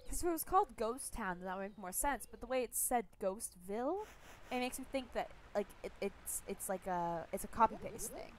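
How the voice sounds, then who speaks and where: A woman's voice: fairly high pitch, lively intonation, a little fast, slight background noise. A young woman gaming streamer giving chatty, playful let's-play commentary and reading game text aloud.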